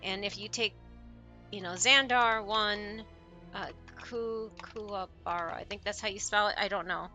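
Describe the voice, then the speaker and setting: A woman streaming a game live, reacting excitedly and rambling with many restarts. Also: medium pitch, measured pace, lo-fi sound, soft background music. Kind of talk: casual live-stream commentary.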